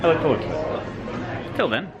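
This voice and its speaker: A man's voice: fairly high pitch, big pitch swings, moderate pace, dull audio, a crowd in the background. A man, host of a casual vlog, joking and sarcastic as he narrates his night. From Isle of Wight, England. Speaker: vlogger and event host.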